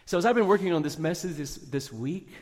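A man pastor giving an Easter sermon in a church, earnest and prayerful, pushing up for emphasis and then going soft. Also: fairly high pitch, expressive, brisk, in a large hall.

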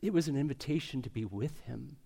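A man preaching a sermon, earnest, slowing down and speeding up for emphasis. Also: medium pitch, animated, gravelly, husky. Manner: earnest, varies pace and loudness for emphasis. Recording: long hall reverb.

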